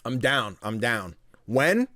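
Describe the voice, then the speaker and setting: Lively, laughing podcast host guy. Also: mid-range voice, takes it slowly, dry recording, clean studio sound. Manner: animated, laughs often, swears casually. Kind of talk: casual chat.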